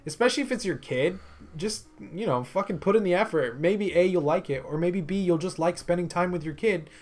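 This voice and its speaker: A man's voice: sits high, a little fast, a little mellow. A young man co-hosting a casual chat podcast, laughing often and swearing freely in a loose, joking way. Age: young adult. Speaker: podcast co-host.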